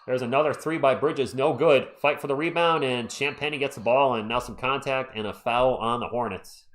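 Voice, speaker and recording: A man's voice: medium pitch, normal speed, a bit bright. A man hosting a live stream, giving casual fan play-by-play of a basketball game and chatting with viewers between plays.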